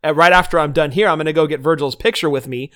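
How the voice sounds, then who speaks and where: A man co-hosting a podcast, telling stories in relaxed chat with lots of fillers and acted-out quotes. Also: fairly high pitch, fast. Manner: animated storytelling with fillers. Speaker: podcast co-host. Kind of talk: casual chat.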